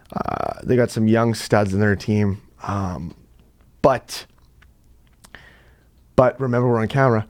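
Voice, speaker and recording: A young man hosting a podcast, telling a story in a casual, animated way and acting out what others said. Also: mid-range voice. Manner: animated, acts out quotes in exaggerated voices. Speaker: podcast host. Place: indoor studio.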